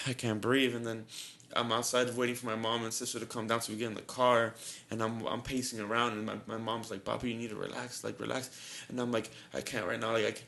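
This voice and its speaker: Young man, gravelly voice, flat delivery, rambling casual storytelling, nervous and shaky. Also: medium pitch. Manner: rambling, repeats himself, says "like" a lot. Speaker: podcast co-host.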